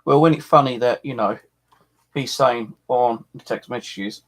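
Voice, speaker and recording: Gravelly, husky man ranting angrily. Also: medium pitch, unhurried. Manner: angry, swearing, repeating himself. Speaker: paranormal live streamer. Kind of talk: angry live-stream rant.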